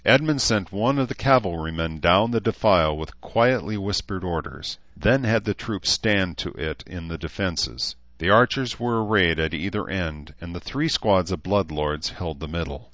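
A man narrating a story in a steady, even reading voice. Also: sits low, moderate pace, few pauses, no room sound, lo-fi sound. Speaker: audiobook narrator. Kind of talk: scripted narration.

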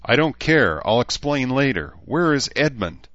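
A man voicing a fierce, urgent young sorceress who talks forcefully. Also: mid-range voice, big pitch swings, a little slow, no room sound, muffled recording, pitched above the performer's own voice. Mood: insistent.

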